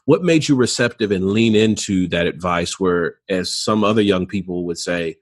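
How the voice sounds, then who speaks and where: A man's voice: sits low, moderate pace, hardly any pauses. A man hosting a podcast interview, asking his guest earnest, probing questions with friendly asides. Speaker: podcast host. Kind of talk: interview conversation.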